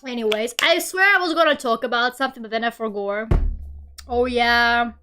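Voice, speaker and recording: A woman's voice: on the high side, normal speed, music in the background. A young woman streamer chatting casually while she draws, rambling through a story full of fillers and frequent laughs. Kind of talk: casual livestream chat while drawing.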